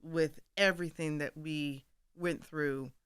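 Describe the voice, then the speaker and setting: A woman guest on a radio studio show, telling stories with animated energy and laughing often as she acts out bits of dialogue. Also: deep voice, slow, smooth, dry recording. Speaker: guest author. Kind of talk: candid storytelling in conversation.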